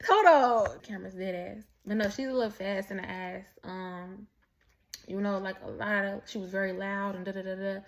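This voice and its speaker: A woman's voice: mid-range voice, fairly even intonation, moderate pace. A woman telling a personal story in a candid, profane, rambling way, full of restarts and asides. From Mexican heritage. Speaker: vlogger. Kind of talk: casual storytelling monologue.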